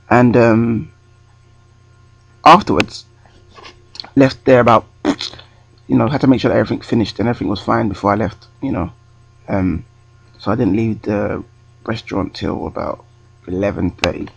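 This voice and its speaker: Rambling gravelly man. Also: fairly low pitch, muffled recording, slight background noise. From North London. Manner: rambling, self-correcting. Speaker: vlogger. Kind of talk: storytime vlog. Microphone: webcam close to the face.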